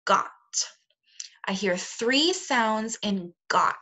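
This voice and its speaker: Bright-voiced woman teaching phonics. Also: mid-range voice. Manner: slow, clear, encouraging teacher talk to young children. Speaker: second grade teacher. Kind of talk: recorded remote phonics lesson.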